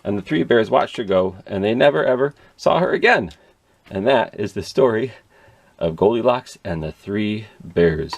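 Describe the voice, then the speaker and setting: A man's voice: fairly low pitch, animated, moderate pace, vocal fry, slightly rough. A man telling a children's story at a library in a playful read-aloud manner with sound effects.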